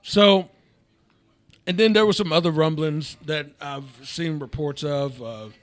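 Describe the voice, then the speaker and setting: A man on a podcast, talking in an unhurried, laid-back way and leaning on fillers like "you know". His voice is a bit higher than most men's and sounds dry and close to the mic. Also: no room sound. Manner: laid-back storyteller, many fillers and laughs, patient pushback. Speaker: podcast co-host. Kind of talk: casual podcast chat.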